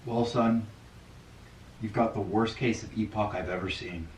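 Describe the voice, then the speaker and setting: A man voicing a folksy older male doctor with a calm, fatherly delivery. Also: on the low side, measured pace, voice pushed down, close to an everyday voice. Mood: grave. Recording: distant, roomy.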